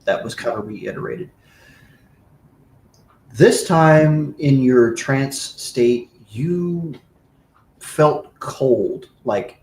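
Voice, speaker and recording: Slow, echoey game master man. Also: fairly low pitch, creaky, a little mellow, a little hiss or hum. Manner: loose, filler-heavy narration with profanity. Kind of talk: narrating a tabletop game.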